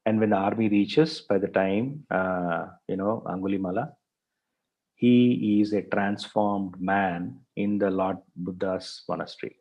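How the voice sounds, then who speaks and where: A man's voice: deep voice, a little slow, highs cut off. A male professor telling a story in a lecture, with many fillers and repeated words. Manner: frequent fillers, repeats words, thinks aloud.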